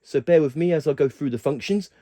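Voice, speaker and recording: With a voice on the high side, this man gives an informal keyboard demonstration, pausing and correcting himself partway through sentences. The keyboard sounds he's showing off come through loudly over his speech.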